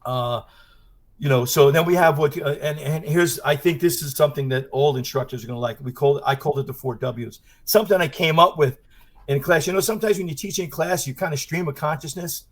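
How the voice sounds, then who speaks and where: A man's voice: a little high, brisk. A man who teaches martial arts, talking through his children's book in a casual interview, rambling with many fillers as he tells stories. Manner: rambling, storytelling with frequent fillers. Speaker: martial arts instructor and author.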